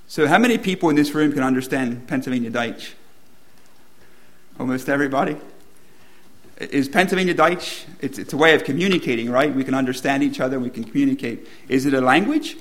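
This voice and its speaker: A man's voice: mid-range voice, fast. A man preaching a sermon to a room, asking the congregation questions and building to emphatic repetition.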